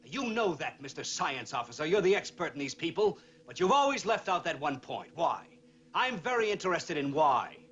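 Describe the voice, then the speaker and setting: A man's voice: on the high side, very animated, moderate pace, a bit bright. An actor playing a distrustful young male starship officer who speaks in an accusing, tense way, in a dull, lo-fi clip from a TV drama.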